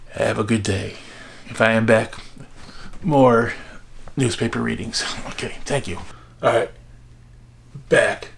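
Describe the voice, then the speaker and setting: An older man with a gravelly voice, rambling casually through old newspapers with many fillers and asides. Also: mid-range voice, fairly bright tone, a little hiss or hum. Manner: meandering, chatty, many fillers. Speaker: vlogger reading old newspapers. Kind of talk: casual rambling show-and-tell.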